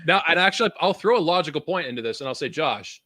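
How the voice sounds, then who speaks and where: This is a young man from Vancouver, Canada, co-hosting a laid-back podcast. His fairly high voice moves fast through an animated rant laced with swearing and laughter, and the recording is dry.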